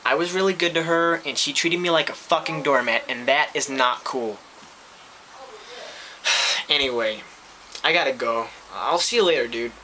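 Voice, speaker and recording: A man's voice: mid-range voice, moderate pace, pauses often, sharp tone, a little hiss or hum, close to an everyday voice. A man voicing an aggrieved young man, venting with swearing.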